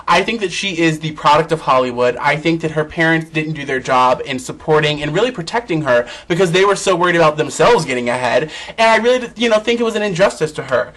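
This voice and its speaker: A man hosting a celebrity gossip vlog, sassy and campy, swooping between high and low notes. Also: animated, quick pace, hardly any pauses, fairly bright tone, rough recording. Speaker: vlog host.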